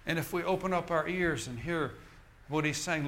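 A man's voice: a little high, normal speed, a bit bright, a little hiss or hum. A male minister preaching a sermon in an emphatic, repetitive style, often restarting his phrases.

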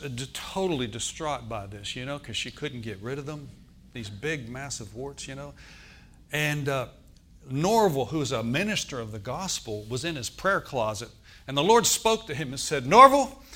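A man's voice: medium pitch, a bit bright. A man preaching a sermon as pastor. He tells stories, acts out the voices in them and calls for amens from the congregation. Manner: storytelling preacher who acts out quoted voices.

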